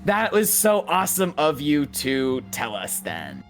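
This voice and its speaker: A woman's voice: deep voice, wildly swooping pitch, a little slow, soft background music. A woman co-hosting a podcast in casual chat, exasperated, swearing and laughing often. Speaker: podcast co-host.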